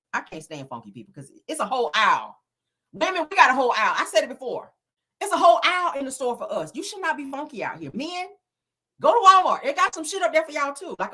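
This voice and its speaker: A woman's voice: a little high, breathy edge. A woman hosting a casual celebrity gossip show, sassy and profane, laughing often and talking straight to her viewers. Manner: animated, dramatic emphasis.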